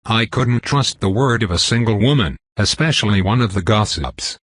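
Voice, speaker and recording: A man narrating a fantasy web novel in the first person, with measured, even storytelling. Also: on the low side, husky. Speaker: audiobook narrator.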